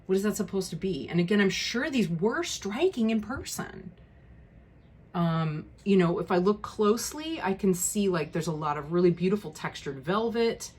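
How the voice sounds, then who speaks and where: A woman's voice: medium pitch, lively intonation, moderate pace, darkish tone, slightly rough. A woman talking casually through a tarot deck walkthrough, frank and easily exasperated, with many ums and restarts. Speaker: tarot video creator.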